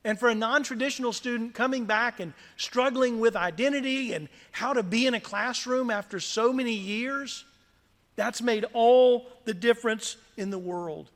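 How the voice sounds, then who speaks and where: Middle-aged south louisiana guy giving a heartfelt thank-you speech, wry jokes, long echo off the hall. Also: extremely high pitch. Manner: earnest and gently humorous, with pauses. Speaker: scholarship recipient speaker. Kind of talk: prepared speech at a reception. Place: large community center hall. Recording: reverberant hall.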